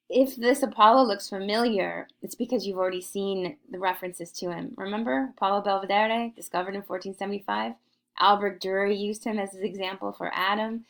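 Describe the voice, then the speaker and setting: A woman's voice: mid-range voice, steady tone, a little fast, gravelly. A woman teaching an art history lecture in a playful, theatrical way, slipping into mock-aristocratic asides.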